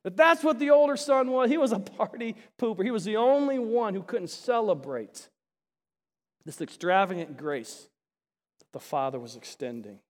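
Guy preaching in a church, highish voice, big hall reverb, gets loud then drops to almost nothing, lots of "right?". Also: animated, moderate pace. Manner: emphatic, swinging between loud and hushed; rhetorical questions to the congregation. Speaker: pastor. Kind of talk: sermon. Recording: long reverb of a large hall.

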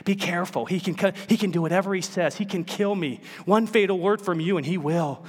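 A man voicing a small red lizard that chatters quickly and wheedles urgently. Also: sits high. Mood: wheedling. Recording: long church reverb.

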